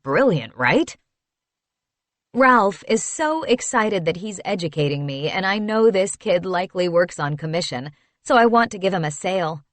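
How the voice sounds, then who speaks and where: A woman narrating a first-person story in an expressive, wistful storytelling manner. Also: on the low side, normal speed, dry recording. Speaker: audiobook narrator.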